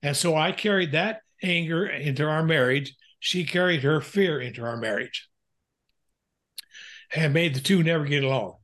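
A man's voice: fairly high pitch, normal speed, a bit bright. A man who works as a Christian counselor, talking earnestly about his life as an interview guest, quoting scripture and leaning on many "uh" fillers. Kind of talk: heartfelt interview storytelling.

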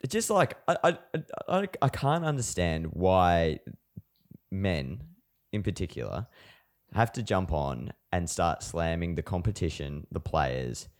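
Be a blunt, ranting Australian man with a very deep voice. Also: sing-song, a little slow. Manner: blunt, ranting, swears freely. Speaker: podcast co-host. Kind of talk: casual sports chat.

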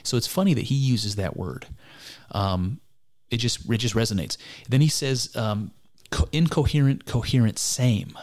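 A man's voice: on the low side, lively intonation, normal speed. A man giving a reflective spoken commentary on a text, earnest and musing, often stopping to restart his sentences. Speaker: speaker discussing mysticism.

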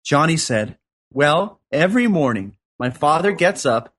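A man's voice: a little high, sing-song, a little slow, a bit bright, breathy edge. A man co-hosting a spiritual podcast, chatting casually and reading passages and jokes aloud in an earnest way. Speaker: podcast co-host.

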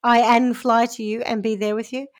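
A woman's voice: a little high, flat delivery, fairly quick, natural voice. A woman voicing a pushy male romance scammer who wheedles in broken English. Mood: wheedling.

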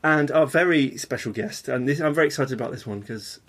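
A man hosting a podcast, playful and quick to laugh in casual chat. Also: mid-range voice, fairly bright tone. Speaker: podcast co-host.

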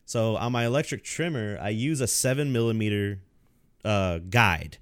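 A man's voice: on the low side, moderate pace, fairly bright tone, no echo. A young man telling a story in casual chat, laughing often and swearing freely, talking into a desk mic on a call. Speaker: podcast co-host.

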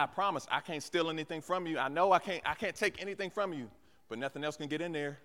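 A man's voice: on the high side, fairly bright tone. A man, a guest pastor, preaching a sermon live in a church and acting out voices in the dialogue he tells. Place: church sanctuary with balcony. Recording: church hall reverb.

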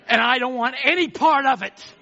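A man preaching a fiery sermon, fervent, swinging between shouted declarations and hushed asides. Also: very high-pitched, normal speed, gravelly, dull audio.

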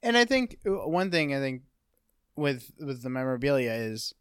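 Relaxed male podcast host, mid-pitched, dry close mic. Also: normal speed, smooth, no room sound. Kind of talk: casual chat.

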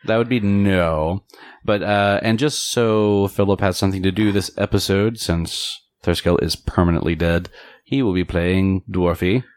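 A man acting as game master, calmly ruling on turns and attacks in a tabletop game. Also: sits low, unhurried, no room sound.

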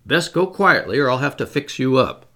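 Man playing a gruff police constable, middle-aged, raised and stern. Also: mid-range voice, sing-song, moderate pace, bright, forceful tone, pitched above the performer's own voice. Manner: stern, ungrammatical working-class speech.

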